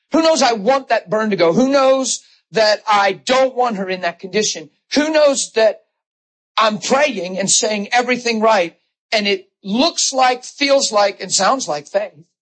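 Husky-voiced man preaching with emotion. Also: high voice, rough recording. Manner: emotional, animated storytelling with acted quotes. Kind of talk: sermon with personal stories.

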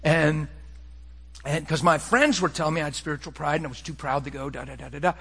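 A middle-aged man preaching a personal testimony, swinging between hushed, quiet passages and excited, impassioned bursts. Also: fairly high pitch, fast talker, husky, big-room sound. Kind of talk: sermon testimony.

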